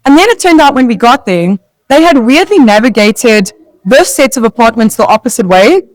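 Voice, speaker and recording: A woman's voice: on the high side, lively intonation, moderate pace, no echo, low-quality recording. A South African woman co-hosting a casual podcast, telling stories in a chatty way with many "like" fillers. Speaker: podcast co-host. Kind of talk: casual chat.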